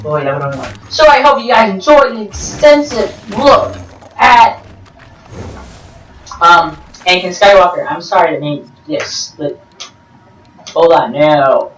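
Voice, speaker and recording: Woman, game commentary, unhurried but jumpy pitch, joking and rambling. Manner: excitable, jokey, rambling with self-corrections. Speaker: gameplay commentator. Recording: roomy, distant mic with game music.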